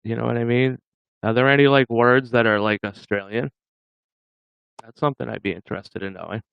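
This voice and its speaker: A man's voice: mid-range voice, fairly even intonation, fairly quick, vocal fry, clean tone, no room sound, dull audio. A man hosting a casual livestream, joking with viewers and laughing often. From Massachusetts. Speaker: livestream host.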